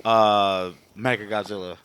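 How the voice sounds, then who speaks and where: A man co-hosting a podcast in casual chat, animated and profane, laughing often. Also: on the low side, unhurried, clear, resonant tone, no room sound. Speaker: podcast co-host.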